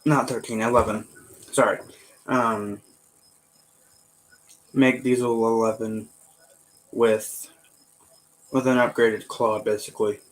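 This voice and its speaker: A man chatting casually, rambling with halting fillers and self-corrections. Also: medium pitch, flat delivery, rough recording. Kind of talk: casual chat.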